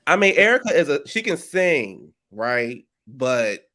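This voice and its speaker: A man's voice: a little high, sing-song, measured pace, pushed and bright. Sassy man in joking banter. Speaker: co-host. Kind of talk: casual chat.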